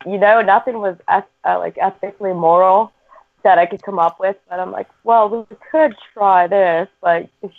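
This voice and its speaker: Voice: mid-range voice, steady tone, a little fast, gravelly, no room sound. Chatty parent on a tinny line. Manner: laughing, chatty, filler-heavy with lots of "like". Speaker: parent on a podcast. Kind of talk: casual chat.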